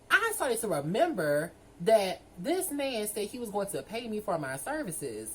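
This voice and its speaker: A woman, telling a story to her viewers in a sassy, animated way. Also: lowish voice, slight background noise, low-quality recording. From Southern United States. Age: 20s. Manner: sassy, animated, addresses listeners as girl and y'all. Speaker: vlogger. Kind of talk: casual storytime monologue.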